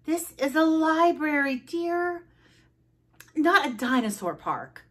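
A woman voicing a patient, polite librarian in a storybook, gentle and sweetly firm. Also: high voice, big pitch swings, takes it slowly, pitched above the performer's own voice, heavily acted.

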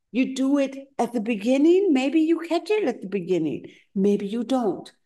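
Woman meditation teacher, dharma talk at a retreat center, slow and story-led, mid-range voice. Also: medium pitch, warm tone. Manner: unhurried storytelling, acting out quoted voices.

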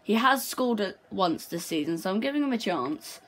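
Woman, gamer, football video game commentary, mid-pitched voice, chatty, excitable outbursts. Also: normal speed. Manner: excitable, shouts and cheers at near misses and goals; chatty, talks through tactics under her breath. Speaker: gaming video creator. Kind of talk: live commentary on her own football video game match.

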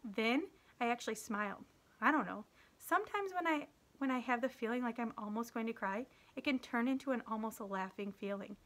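A woman teacher reading a children's novel aloud in a steady, gentle narrating voice. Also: a little high, brisk. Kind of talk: read-aloud storytelling.

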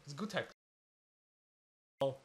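A man giving casual let's-play commentary, excitable, with profane outbursts. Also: slow. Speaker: gaming channel host.

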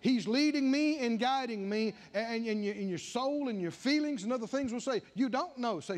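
A man's voice: very high voice, normal speed, few pauses. An older man preaching a sermon and acting out back-and-forth dialogue, building to emphatic declarations.

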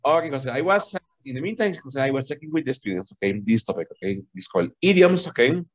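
Brief: husky-voiced man, English teacher on a video call, lively pitch, patient and repetitive. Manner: explains slowly, repeats "okay?" and switches into Spanish. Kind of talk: online language lesson.

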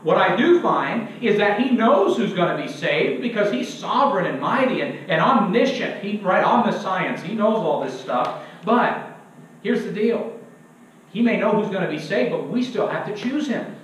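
A man's voice: high voice, sing-song, normal speed, fairly bright tone, a little hiss or hum. A young male preacher giving an emphatic sermon in a church, asking the congregation to fill in words and joking at his own expense. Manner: self-deprecating humor. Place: church sanctuary. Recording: very echoey church, distant and dull.

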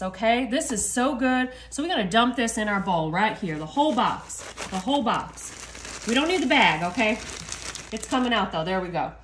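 A woman hosting a casual recipe demonstration in her home kitchen, talking excitedly and addressing viewers directly. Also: high-pitched, slight background noise. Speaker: cooking video host.

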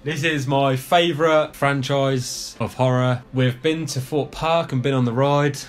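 A man's voice: mid-range voice, steady tone, unhurried. A young man, chatting enthusiastically and swearing freely as he shows off his collection. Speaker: guest showing his collection. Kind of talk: casual show-and-tell chat.

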